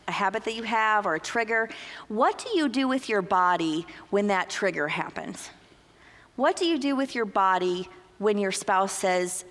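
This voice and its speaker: A woman speaking at a couples conference in a church hall, lively and acting out little quoted exchanges as she teaches. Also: medium pitch. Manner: lively, uses acted-out quotes. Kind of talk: conference talk. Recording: long reverb of a large hall.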